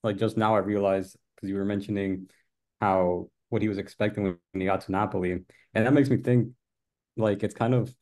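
A young man from New Jersey talking casually about a film over a video call, relaxed and full of fillers. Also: on the low side, a little fast. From Paterson, New Jersey, US. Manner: relaxed, heavy use of "like" and fillers. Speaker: film series curator.

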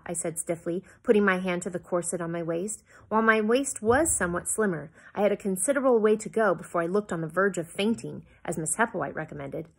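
A woman reads a novel aloud at home, pausing now and then to explain the story to her listeners and correcting her slips. Her voice sits on the low side and sounds gravelly and husky.

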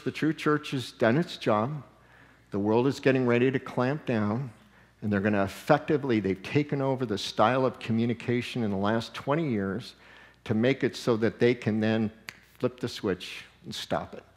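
A man preaching a sermon as pastor, animated and conversational, often slipping into quoted voices and chuckling. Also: medium pitch, big-room sound. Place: church sanctuary.

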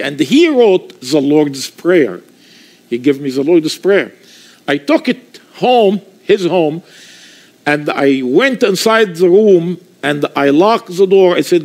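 Egyptian-accented male preacher, high voice, unhurried delivery, impassioned testimony in non-native English. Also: expressive. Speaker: preacher giving his testimony. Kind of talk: testimony sermon.

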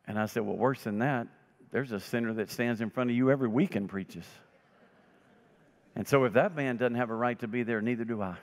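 A man's voice: mid-range voice, brisk. A man preaching a sermon as pastor, telling stories and voicing the people in them. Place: church sanctuary. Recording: long reverb of a church sanctuary.

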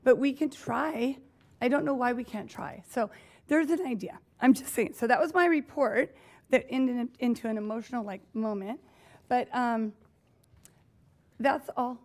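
A woman's voice: fairly high pitch, measured pace, darkish tone. Emotional woman board member. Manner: earnest, emotional, fighting back tears. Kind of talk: emotional report at a public board meeting. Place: school board meeting room.

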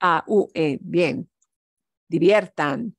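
A woman teaching a beginner Spanish class, explaining commands in English and repeating each Spanish word slowly and patiently. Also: on the low side, husky, dry recording. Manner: switches between English explanation and Spanish examples. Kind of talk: online language lesson.

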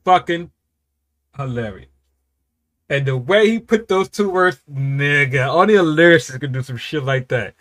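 A man hosting a music reaction, talking casually and excitably, swearing often and swinging from low muttering to loud outbursts. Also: moderate pace.

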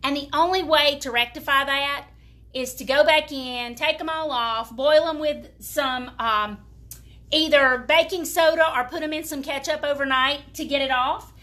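High-voiced and a bit bright, she keeps a steady tone at normal speed. She's a woman from the American South whose Southern accent colors a chatty, folksy live demonstration of furniture painting delivered straight to viewers.

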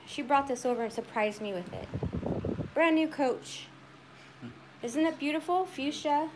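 A middle-aged woman chatting excitedly and frankly on a live phone stream from her home shed. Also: high-pitched, normal speed, pauses often, a little hiss or hum. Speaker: purse vlogger. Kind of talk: casual live-stream chat. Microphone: phone camera.

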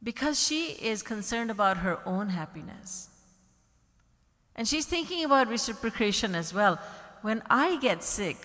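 A woman's voice: medium pitch, a bit bright. Woman, spiritual teacher giving a storytelling discourse, long hall echo. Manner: storytelling with acted quotes, emphatic repetition.

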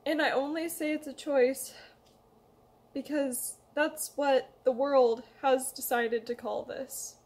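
High-voiced young woman, emotional and halting, reading a heartfelt letter aloud to her loved ones. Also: steady tone, noisy background. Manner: emotional, hesitant, pleading, reads a letter aloud. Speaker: vlogger. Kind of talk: emotional personal confession.

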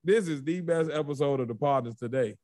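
A man's voice: a little high, a little fast, mellow, no echo. A man co-hosting a casual podcast, teasing his co-host and hyping him up.

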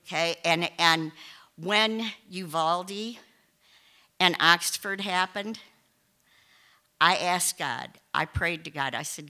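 A woman's voice: on the low side, slow, long pauses, pushed and bright. A woman telling a personal story on stage to a live audience, chatty and emphatic with many asides and restarts.

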